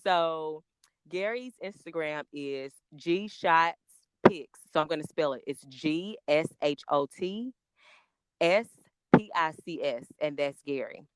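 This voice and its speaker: Excitable chatty woman guest. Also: low-pitched, clear, resonant tone, no room sound. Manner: excitable, chatty, spells out names slowly. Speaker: podcast guest, makeup artist. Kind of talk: casual podcast chat.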